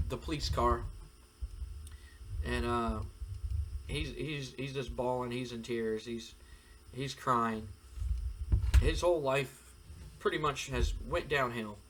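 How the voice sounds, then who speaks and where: A man's voice: mid-range voice, fairly even intonation, slow, long pauses, fairly bright tone, slight background noise. A man narrating a wrestling simulation playthrough in a rambling, filler-heavy way. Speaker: game commentator. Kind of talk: let's-play narration of a wrestling sim.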